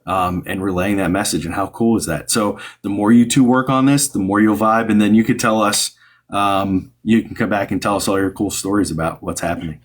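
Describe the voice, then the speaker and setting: A man's voice: fairly low pitch, steady tone, brisk. A man hosting a live stream as a psychic medium, giving rambling, upbeat advice to a caller with many fillers and restarts.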